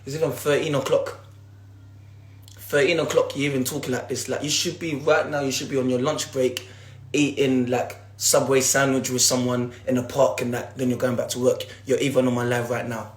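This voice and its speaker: A man's voice: medium pitch, flat delivery, normal speed. Ranting young man, echoey room. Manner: repetitive, slangy, ranting at viewers. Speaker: livestream host. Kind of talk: casual livestream rant.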